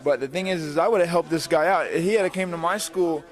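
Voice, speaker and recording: A man's voice: fairly high pitch, fairly quick. A man, a professional fighter, talking casually in interviews, rambling and hesitant with lots of fillers.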